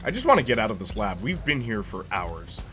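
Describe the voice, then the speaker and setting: Young man, streamer, casual rambling chat, animated pitch, laughs often. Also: fairly quick, noisy background. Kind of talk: casual chat while reacting to a movie on stream.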